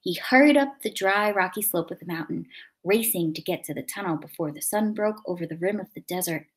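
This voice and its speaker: A woman reading a children's chapter book aloud with expressive delivery. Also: on the low side, fairly quick. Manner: expressive, dynamic. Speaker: narrator.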